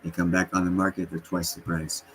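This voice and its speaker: Low-voiced guy hosting a stream from his basement, lots of uhs, faint noise behind. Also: completely flat delivery, brisk, poor audio. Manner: rambling, full of fillers. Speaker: livestream host. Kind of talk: casual livestream talk. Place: unfinished basement.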